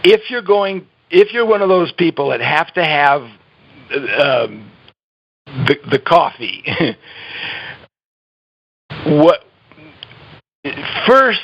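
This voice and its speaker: A man's voice: a little high, gravelly, a bit bright, slightly rough. A man being interviewed about health habits, talking earnestly and emphatically, laughing often and restarting his sentences. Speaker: guest giving health advice. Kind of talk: conversational interview. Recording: dull lo-fi audio.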